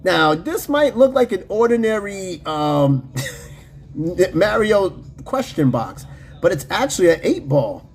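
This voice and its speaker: A man hosts a podcast in a high-pitched, very animated voice, talking a little slowly. Reading his live chat's comments, he stays loose and profane, with lots of slang, fillers, and laughs.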